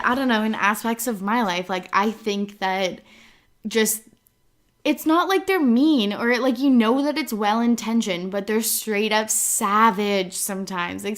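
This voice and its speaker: A woman's voice: fairly high pitch, a bit bright. A young woman from Canada hosting her own podcast, chatting casually with lots of filler words and casual swearing. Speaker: podcast host. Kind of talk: casual solo podcast chat.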